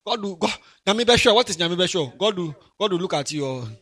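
Husky high-voiced Ghanaian preacher. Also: male voice, brisk. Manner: animated, swings from quiet asides to loud emphatic preaching. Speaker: pastor. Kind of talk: sermon.

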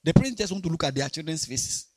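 A man preaching a sermon to young people, animated and repetitive, swinging between quiet talk and shouting. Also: fairly high pitch, quick pace, no room sound, clean studio sound. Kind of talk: sermon to a youth congregation.

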